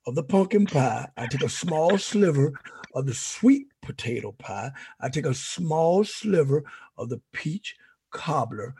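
An older man, a grandfather, telling animated stories in casual chat, often restarting his sentences. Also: fairly high pitch, a little slow, breathy edge. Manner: animated storyteller, many restarts. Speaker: guest.

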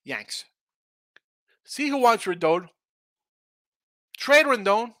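Guy doing mlb picks, bright kinda high voice, rambly, keeps asking what teams are doing. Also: expressive, slow pace, dry recording. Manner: rambling, opinionated, rhetorical questions. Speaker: sports betting host. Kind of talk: casual sports talk.

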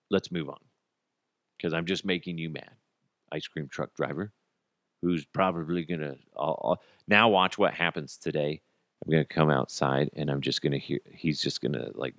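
A low-voiced man in his thirties hosts a solo comedy podcast, close to a dry mic. He rants in an animated, self-mocking way, jumping into quick impressions and back. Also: no echo, faint music behind. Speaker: podcast host.

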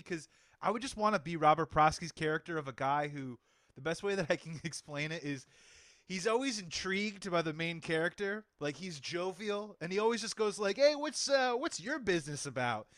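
A man's voice: a little high, fairly bright tone, no echo. A man hosting a casual film podcast, chatting with enthusiasm and rambling asides. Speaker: podcast host.

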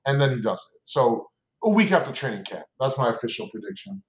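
A man's voice: medium pitch, lively intonation, fast talker. A man co-hosting a casual podcast, talking loosely and hedging his predictions. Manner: conversational, hedging with fillers. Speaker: podcast co-host. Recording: roomy echo.

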